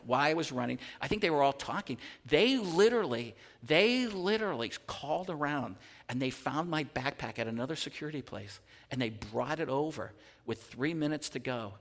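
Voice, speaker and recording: Animated pastor in a reverberant hall. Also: male voice, medium pitch. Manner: animated storyteller, many restarts and stammered repeats. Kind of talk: sermon with personal story. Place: church sanctuary.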